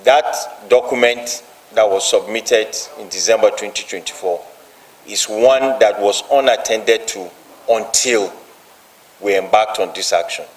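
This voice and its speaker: Low-voiced union leader. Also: male voice, unhurried, low-quality recording. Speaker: union president.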